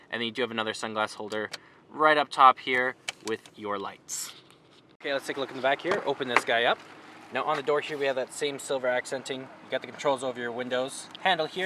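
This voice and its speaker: Young man, friendly dealership salesman, casual on-camera walkaround, light outdoor noise. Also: mid-range voice. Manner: friendly, upbeat, plain-spoken with small slips. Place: outdoors at a car lot and inside a vehicle.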